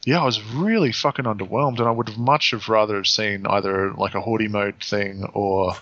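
A man rants animatedly about games, swearing freely as his thoughts ramble on. His voice is bright and forceful. It comes through a dull, dry mic with little room sound. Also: lowish voice, steady tone, moderate pace, dry recording. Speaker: podcast co-host. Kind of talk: casual chat.

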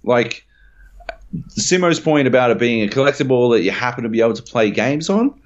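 A man's voice: medium pitch, animated, brisk. A man co-hosting a casual gaming podcast, rambling with lots of fillers, restarts and casual swearing. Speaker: podcast co-host. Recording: dull lo-fi podcast audio.

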